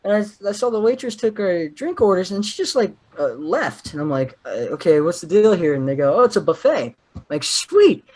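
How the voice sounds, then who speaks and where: A man's voice: high voice, brisk. A man co-hosting a podcast, telling a story in casual chat and acting out the other people in it. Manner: animated, laughing storyteller who acts out others' lines. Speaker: podcast co-host.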